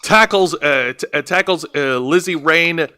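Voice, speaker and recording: A man co-hosting a casual wrestling review show, animated and swearing often, stumbling over names as he recaps a match. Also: fairly high pitch, moderate pace, clean tone. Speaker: podcast co-host reviewing wrestling. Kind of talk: casual profane review chat.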